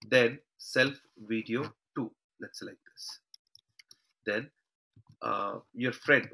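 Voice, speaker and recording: An online trainer runs a live class over a shared screen, calling his students "team" and tagging points with "okay" and "all right". His mid-range voice is bright, forceful and slightly rough, on a rough recording.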